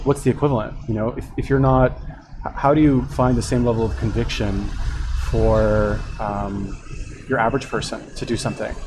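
A man's voice: medium pitch, background noise. A man commenting on a video clip, thinking aloud in a rambling, hesitant way. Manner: rambling, hesitant, lots of fillers and restarts. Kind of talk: reaction commentary.

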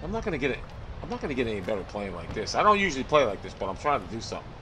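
Swearing streamer muttering to himself. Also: male voice, medium pitch, very animated, very fast, background noise. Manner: muttering, swearing, self-talk. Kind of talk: casual gameplay commentary.

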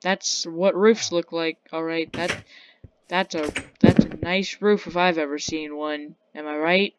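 A woman's voice: sits low, steady tone, measured pace. A woman giving casual gameplay commentary, playfully trash-talking the characters in her game. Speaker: gaming channel host. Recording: loud background noise.

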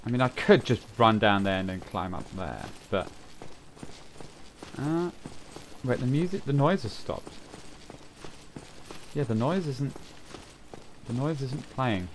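A man's voice: mid-range voice, expressive, takes it slowly, pauses often, slight background noise. A man casually commenting while he plays a video game, chatty and given to sudden exclamations and swearing, with game music behind him. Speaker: gaming channel host. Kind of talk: casual let's-play commentary.

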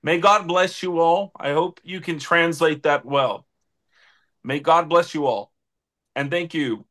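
Man, high bright voice, fervent preaching tone, emotional interview guest. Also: takes it slowly. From United States. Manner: preaching, emotional, repeats pleas to God. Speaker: guest, political adviser. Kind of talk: impassioned interview plea.

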